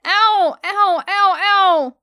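A woman's voice: high-pitched, slow pace, a bit bright, dry recording, studio quality. A woman voicing a giddy, whiny teenage girl who squeals and stammers when upset, in an audiobook story. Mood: shrieking.

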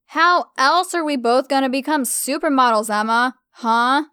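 A woman voicing a giggly, teasing young woman friend with a loud, shrill voice. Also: expressive, slow pace, clean tone, no echo, exaggerated voice.

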